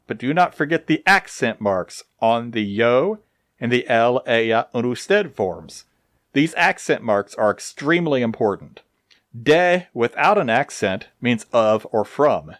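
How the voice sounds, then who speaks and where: A man teaches grammar at an unhurried pace. His pitch rises and falls a lot as he stresses each form. The sound is close and dry, with no room around it. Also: no echo. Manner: slow, deliberate explanations with dry humor. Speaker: Spanish teacher. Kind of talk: recorded grammar lesson.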